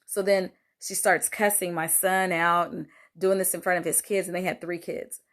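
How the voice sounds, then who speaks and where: An older woman, a grandmother, telling a personal story in a casual monologue, animated and acting out quoted lines, with many fillers. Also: on the low side, moderate pace. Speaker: host sharing a personal story.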